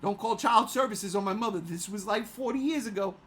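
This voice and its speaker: A man in his forties chatting casually as a podcast co-host. He rants with big swings from loud outbursts to low mutters, swears freely and laughs mid-sentence. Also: fairly quick. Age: 40s. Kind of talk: casual chat.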